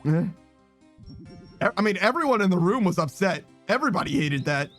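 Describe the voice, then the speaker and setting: A man's voice: sits high, sing-song, brisk, a bit bright, soft background music. A man streaming, chatting casually with his viewers, reading chat aloud and teasing them with slangy, swearing banter. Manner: laughs often, teasing, reads chat messages aloud.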